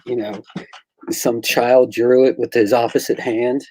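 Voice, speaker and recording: A man chats casually about his own comic work and tells stories with enthusiasm, acting out the exchanges he describes. His voice is mellow and a little husky, at a middle pitch. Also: unhurried, poor audio. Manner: excitable storyteller, acts out quoted exchanges. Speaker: comic book creator and artist. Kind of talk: casual chat.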